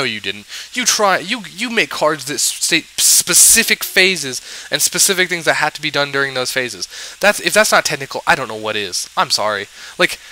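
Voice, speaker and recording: Man, ranting vlogger, sarcastic, rambling, very bright tense tone, faint hiss. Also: on the high side, poor audio. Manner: sarcastic, exasperated, rambling with fillers. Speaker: card game vlogger. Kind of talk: ranting commentary.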